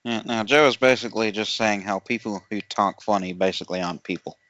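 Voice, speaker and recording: Low bright-toned man, needling banter. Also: fast, no echo. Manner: provocative, needling. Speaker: podcast co-host. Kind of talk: casual chat. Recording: dull, dry lo-fi audio.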